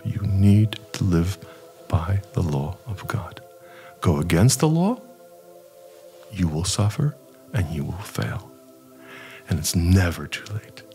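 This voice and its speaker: Older male cleric, deep and gravelly, animated storyteller. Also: a little slow, pauses often, faint music behind. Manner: animated, acts out dialogue, repeats words for emphasis. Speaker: archpriest, interview guest. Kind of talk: anecdotal storytelling in an interview.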